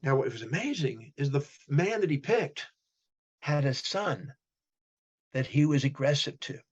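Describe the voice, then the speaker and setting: Man, husky, guest storyteller acting out dialogue, slightly dull lo-fi recording. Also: fairly high pitch, animated, a little slow. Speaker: guest, human behavior specialist. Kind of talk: storytelling in a podcast interview.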